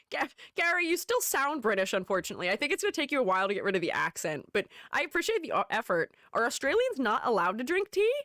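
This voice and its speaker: A woman's voice: on the high side, sing-song, fast talker, a bit bright, no echo, studio quality. A woman VTuber streaming, chatting casually and playfully, often giggling and talking to herself. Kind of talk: casual livestream chat.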